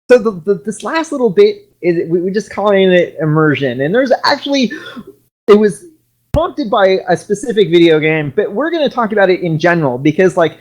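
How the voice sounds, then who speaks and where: A man from Washington state hosting a casual podcast panel chat, rambling with frequent restarts and ums. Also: high voice. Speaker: podcast host.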